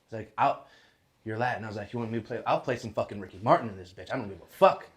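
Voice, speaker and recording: A man's voice: on the low side, very fast. A young man telling a rowdy, profane story as a guest on a casual podcast, laughing often as he goes. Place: podcast studio.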